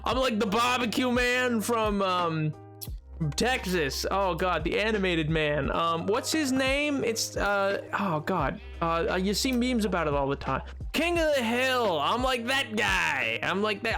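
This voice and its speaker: High-voiced young man chatting on stream. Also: expressive, unhurried, pushed and bright, faint music behind. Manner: rambling, self-mocking, talks to chat. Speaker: live streamer. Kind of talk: casual gameplay stream chat.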